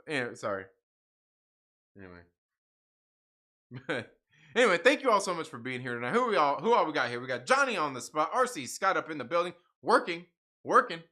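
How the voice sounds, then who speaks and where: A man's voice: high voice, pushed and bright. A man hosting a livestream, rambling in casual profane chat and laughing often. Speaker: livestream host reading comics.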